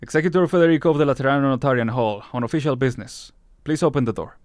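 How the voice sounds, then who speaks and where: A man's voice: medium pitch, very fast, a little mellow, no echo, clean studio sound, close to an everyday voice. A man voicing a formal church official who speaks with stiff courtesy.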